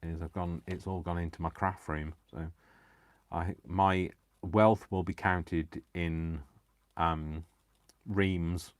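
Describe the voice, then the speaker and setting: A man's voice: low voice, steady tone, slow pace, no echo. A man hosting a crafting livestream, chatting in a rambling, giggly, self-deprecating way. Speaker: craft channel host. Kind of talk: casual livestream chat while crafting.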